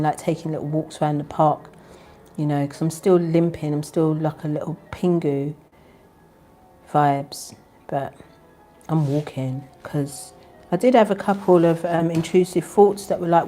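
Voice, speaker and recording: A woman hosting her own spiritual channel. She chats casually with viewers and leads a spoken prayer, keeping her voice soft and low. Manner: deliberately soft, low-volume talk; chatty and animated, with bursts of laughter. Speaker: spiritual channel host and tarot reader.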